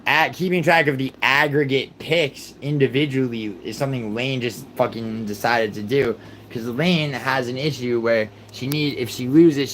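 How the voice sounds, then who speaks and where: A man's voice: medium pitch, a bit bright, slight background noise, low-quality recording. Exasperated swearing streamer man. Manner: exasperated, swearing, rapid outbursts. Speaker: livestream host. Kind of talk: heated livestream argument.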